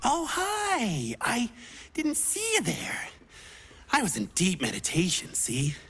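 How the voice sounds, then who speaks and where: Voicing a bubbly, silly young adventurer in a video game, a woman keeps trying out new classes and talks in a playful, theatrical, teasing way. Her fairly high voice swoops wildly in pitch, delivered slowly and exaggerated, with a little hiss or hum in the background.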